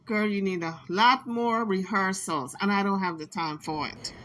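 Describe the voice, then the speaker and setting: A woman's voice: mid-range voice, moderate pace, fairly bright tone. A woman hosting a commentary channel, talking back to clips in a sassy, scolding, teasing way. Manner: sassy, scolding, teasing, talks straight to the clip.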